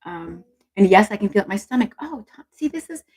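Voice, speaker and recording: A woman's voice: medium pitch, very animated, fast, a little mellow, breathy edge, poor audio. A woman hosting a casual live stream on intuition, chatty and encouraging as she reads viewer comments aloud.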